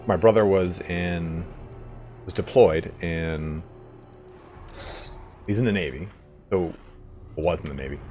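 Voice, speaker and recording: A man with a deep, low-pitched voice talks through a strategy game in a loose, rambling let's-play style. He swears freely and chuckles often. Faint game music plays quietly behind him. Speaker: gaming video host. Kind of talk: casual let's-play commentary.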